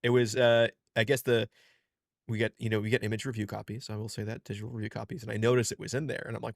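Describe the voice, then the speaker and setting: A man's voice: fairly low pitch, flat delivery, fast talker, gravelly, no echo, studio quality. A man co-hosting a comics podcast, rambling in a laid-back way and swearing freely. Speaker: podcast co-host. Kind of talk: casual comics podcast chat.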